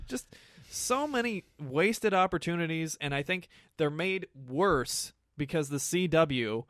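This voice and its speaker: A man's voice: on the high side, a bit bright, dry recording, studio quality. A man hosting a casual film review, ranting with lots of swearing and frequent laughs. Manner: profane, ranting, laughs often. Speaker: movie review host.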